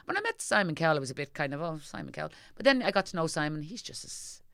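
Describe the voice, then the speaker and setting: A middle-aged woman with a Dublin accent talks quickly in a lowish voice, spinning stories and mimicking the people in them. The recording is close and dry, with no room sound. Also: vocal fry, no echo. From Ireland. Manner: animated storyteller, acting out what people said. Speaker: guest. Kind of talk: casual chat.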